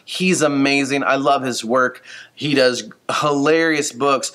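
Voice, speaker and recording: Upbeat male school librarian, bright voice, chatty book recommendations for kids. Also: medium pitch, steady tone, measured pace. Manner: upbeat and enthusiastic, playful asides. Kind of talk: casual book talk to students.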